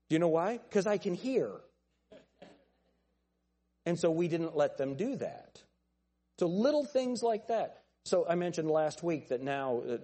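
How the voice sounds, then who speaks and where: A man's voice: medium pitch, dark tone. A middle-aged man preaching a folksy sermon as a pastor, joking with his congregation in a church. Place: church sanctuary.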